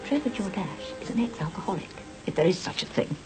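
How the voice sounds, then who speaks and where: A woman's voice: on the low side, expressive, fast talker, over music, close to an everyday voice. A woman playing a prim, chiding wife. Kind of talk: 1990s TV soap acting.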